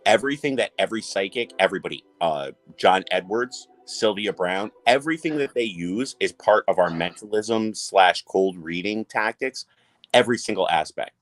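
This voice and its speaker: A man's voice: fairly low pitch, moderate pace. A man telling a story in a casual panel chat, acting out the people he quotes. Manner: animated, acts out quoted voices. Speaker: panel guest.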